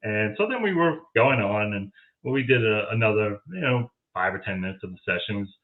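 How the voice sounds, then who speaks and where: Over a thin, phone-like connection, a paranormal audio investigator appearing as a guest spins a story in relaxed chat, voicing each person he quotes. He speaks on the low side, animated and a little fast.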